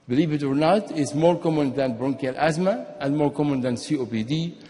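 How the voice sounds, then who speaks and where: Male physician at a conference lectern, slightly higher voice, long hall reverb, steady explainer. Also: brisk. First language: Arabic. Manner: explanatory, steady, sometimes restarts and repeats words. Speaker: physician giving a conference talk. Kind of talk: medical conference lecture. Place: lecture hall.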